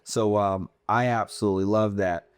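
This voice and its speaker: Lowish-voiced host, rambling questions. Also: male voice, fairly even intonation, normal speed, clean tone, no room sound. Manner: enthusiastic, rambling questions with restarts. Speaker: podcast host. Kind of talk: casual interview chat.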